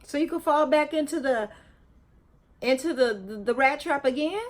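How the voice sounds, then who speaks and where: A woman with a high voice at a normal speed reacts to a video on her vlog, chewing gum and talking in casual slang. She's emphatic, repeats herself, and lectures in a scolding, preachy way while sharing her opinion.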